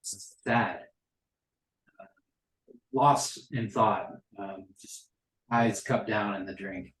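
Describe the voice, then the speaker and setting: A man narrating as game master of a tabletop game, relaxed and full of ums. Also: on the low side, very slow, echoey room, low-quality recording. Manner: relaxed, filler-heavy narration.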